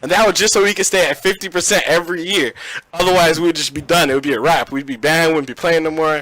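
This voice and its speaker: A man's voice: a little high, steady tone, fast, fairly bright tone, no echo, poor audio. A young man hosting a casual gaming podcast, telling stories in a loose, joking, slangy way. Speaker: podcast host.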